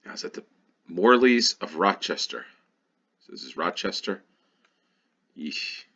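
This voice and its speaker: A man's voice: sits low, big pitch swings, unhurried, fairly bright tone, breathy edge, lo-fi sound. A man from New York with a Western New York accent, thinking aloud while playing a geography guessing game, hesitant and full of ums. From New York, USA. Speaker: GeoGuessr channel host. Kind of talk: casual gameplay commentary.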